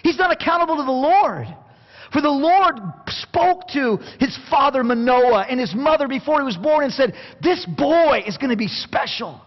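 A man preaching a sermon, passionate, going from quiet to near shouting and acting out scripture quotes. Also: very high-pitched, animated, normal speed. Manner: plays out Bible quotes in acted voices. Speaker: pastor. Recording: dull sound with long hall reverb.

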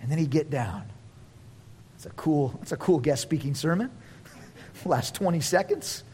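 A man preaching a sermon as pastor, animated, acting out quotes in voices and laughing often. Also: a little high, a little slow, slight background noise. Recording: long reverb of a large hall.

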